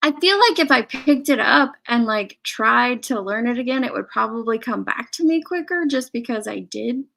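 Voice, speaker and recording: A woman's voice: on the high side, lively intonation, normal speed, gravelly, hardly any pauses, bright, forceful tone. A woman hosting a casual online chat, talking in a giggly, chatty way. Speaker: host.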